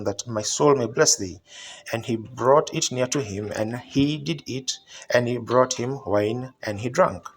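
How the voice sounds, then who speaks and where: A man reads scripture aloud in a measured, solemn way. His voice sits at an ordinary middle pitch. A faint hiss runs under the recording. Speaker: Bible reader. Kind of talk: scripture reading.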